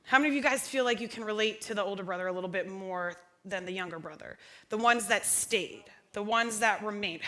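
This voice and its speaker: A woman's voice: mid-range voice, a little fast, sharp tone. A young woman preaching a sermon in church, chatty and self-deprecating, asking the congregation questions. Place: church sanctuary.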